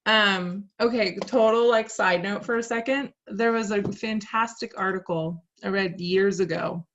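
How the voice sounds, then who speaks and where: A woman's voice: medium pitch, measured pace, a bit bright. A woman instructor leading a casual class discussion, chatty and full of "like" and "um". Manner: chatty, lots of "like" and "um". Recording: muffled lo-fi audio.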